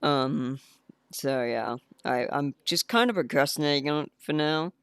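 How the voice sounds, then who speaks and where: Indie dev man on a livestream: chatty, self-mocking, clear voice, dry sound. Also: on the high side, measured pace, no room sound. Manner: rambling, chatty, laughs at himself. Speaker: indie game developer streaming. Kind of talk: casual livestream chat.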